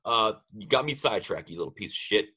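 Husky, bright-voiced rambling man. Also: fairly low pitch, expressive, quick pace. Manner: rambling, trails off mid-sentence. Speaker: podcast co-host. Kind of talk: casual chat.

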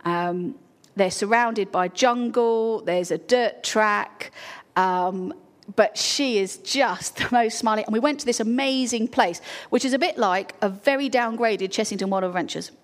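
A woman's voice: fairly high pitch, a little slow. A woman giving an informal, earnest talk to a church congregation, full of ums and restarts. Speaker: charity speaker at a church.

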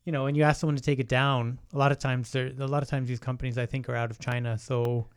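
A man's voice: medium pitch, little pitch movement, quick pace, clean tone, dry recording, clean studio sound. A man speaking as an interview guest in an easygoing, plain-spoken way. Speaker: guest, business partner. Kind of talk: casual interview chat.

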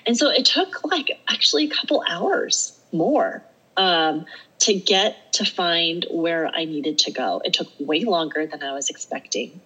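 Laughing often, a middle-aged female podcast guest relates a story conversationally and voices her own inner talk. She speaks unhurriedly in a fairly low, husky, sharp-toned voice with lively intonation, on a rough recording.

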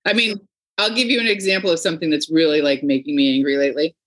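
A middle-aged woman hosts a podcast, telling stories in a loose, animated interview chat and acting out the people she quotes. Her voice sits low and moves at a quick pace.

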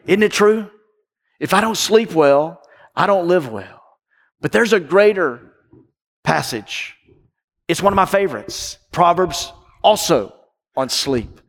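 A man preaching a sermon from the pulpit, emphatic and repetitive, swinging between loud and hushed. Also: a little high, expressive, slow pace, long pauses, long reverb tail. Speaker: pastor. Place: church with balcony.

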